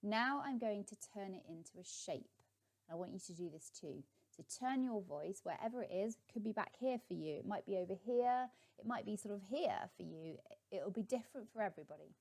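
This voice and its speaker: A woman's voice: medium pitch, lively intonation, fairly quick, vocal fry, a little mellow. A middle-aged woman, a life coach, giving a guided visualisation tip in a chatty, encouraging way with many ums.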